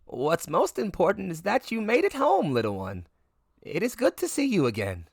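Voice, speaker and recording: A man voicing an ancient, wise turtle-folk sage woman who speaks slowly and gently. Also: sits high, wildly swooping pitch, creaky, breathy edge, dry recording, clean studio sound, pitched above the performer's own voice, full character voice. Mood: gentle.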